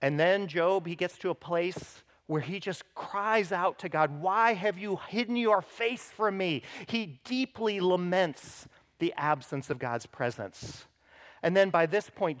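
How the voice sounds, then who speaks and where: A man preaching a sermon as pastor, emphatic, lifting his voice when he reads the scripture aloud and checking in with listeners. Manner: emphatic, rises in pitch and volume when voicing scripture; speaks directly to the congregation with frequent "right?".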